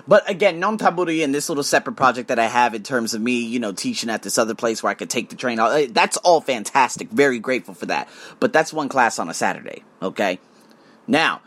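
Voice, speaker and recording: Animated, swearing man ranting to camera. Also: high-pitched. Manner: animated, swears often, acts out conversations. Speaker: English tutor vlogging. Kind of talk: casual rant to camera. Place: living in Thailand.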